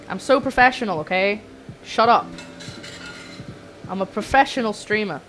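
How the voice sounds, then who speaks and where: A young woman chatting to her viewers while cooking on a livestream in her home kitchen, excitable and a little flustered. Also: mid-range voice, moderate pace, long pauses, a little hiss or hum, rough recording. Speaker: streamer. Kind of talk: casual cooking livestream chat.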